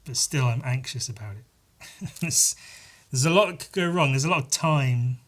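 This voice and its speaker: A man's voice: mid-range voice, moderate pace, a bit bright. A man hosting his own podcast in a casual solo monologue, rambling and self-deprecating and swearing now and then. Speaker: podcast host.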